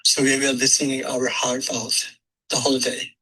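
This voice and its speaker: A man telling gentle, heartfelt stories in a personal eulogy, with some nonstandard grammar. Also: medium pitch, monotone, moderate pace, poor audio. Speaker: eulogy speaker.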